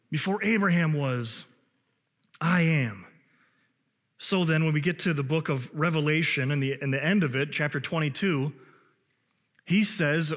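A man's voice: unhurried, long pauses. A male pastor preaching a sermon, reading scripture aloud and stressing key words with a rising voice. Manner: animated, rises in pitch for emphasis, reads scripture aloud. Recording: long hall reverb.

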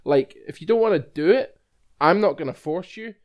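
Man, game master on a podcast, blunt and teasing, unhurried. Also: on the high side, expressive. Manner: blunt, teasing, slowing for emphasis. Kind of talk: casual podcast chat.

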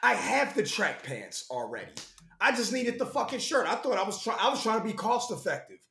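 A man's voice: high-pitched, very animated, a little fast, vocal fry, fairly bright tone, soft background music. Profane, rambling young man in an echoey room. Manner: profane, rambling, says bro and yo. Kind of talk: casual chat.

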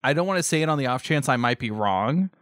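Laughing, gushing podcast co-host. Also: male voice, mid-range voice, expressive, quick pace, a bit bright, dry recording, clean studio sound. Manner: laughs often, emotional and gushing. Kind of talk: casual chat.

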